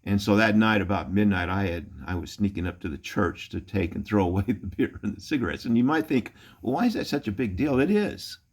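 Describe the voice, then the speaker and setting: A middle-aged man, a pastor, telling folksy anecdotes in a relaxed storytelling sermon, chuckling now and then. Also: lowish voice, a little fast, few pauses.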